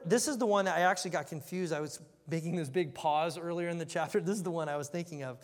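Male preacher, 30s, high and light voice, conversational joking Bible teaching, long hall reverb. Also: quick pace. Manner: conversational, joking, animated storytelling. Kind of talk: casual verse-by-verse Bible teaching.

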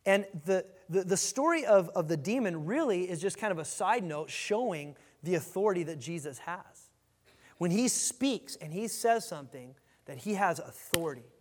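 A man preaches with lively energy, stumbling over and repeating words as he builds his points. His voice sits a little higher than most men's. The sound carries a long reverb, as in a large church sanctuary. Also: moderate pace. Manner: animated preaching with repeated restarts. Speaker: pastor. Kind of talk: sermon.

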